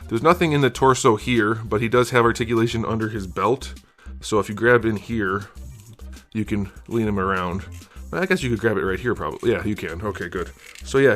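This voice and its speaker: A man with a mid-range, slightly bright voice reviews an action figure in a casual ramble, filled with fillers and hedges. He's sick and slightly out of breath.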